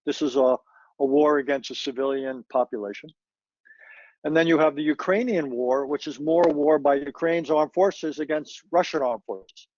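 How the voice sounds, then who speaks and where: Older man, expert guest, measured with hesitations, muffled dry audio. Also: fairly high pitch, darkish tone, no echo. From United States. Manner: measured, thoughtful, frequent hesitations and self-corrections. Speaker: foreign policy expert guest. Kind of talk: conversational policy analysis.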